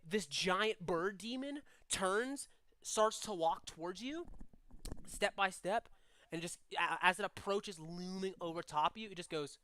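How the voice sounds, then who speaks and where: Bright, loose-talking game master. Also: male voice, sits high, measured pace, dry recording. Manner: rambling, loose, full of "like". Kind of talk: narrating a tabletop game.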